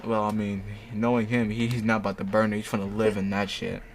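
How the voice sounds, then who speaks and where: A man's voice: on the low side, flat delivery, brisk, slight background noise. A man hosting, reading fanfiction aloud with mocking asides, laughing often and tripping over his words. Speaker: host.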